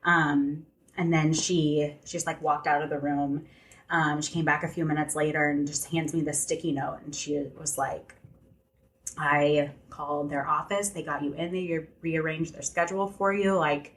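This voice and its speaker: A woman's voice: low voice, fairly even intonation, moderate pace. A young adult woman, a podcast guest, telling a personal story candidly in conversation, filling her speech with "like" and "you know.".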